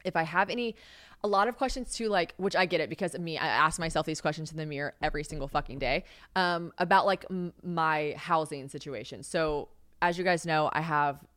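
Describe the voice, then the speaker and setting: Young woman, casual podcast host, swears a lot, rambly, lowish voice, dry close mic. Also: fairly quick, fairly bright tone, no room sound. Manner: rambling, profane, laughs often. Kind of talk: casual solo podcast chat. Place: home kitchen.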